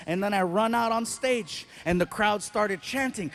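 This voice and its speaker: A man doing stand-up storytelling, animated and acting out voices and crowd sounds. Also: sits high, normal speed, hardly any pauses, slight background noise. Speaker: stand-up comedian.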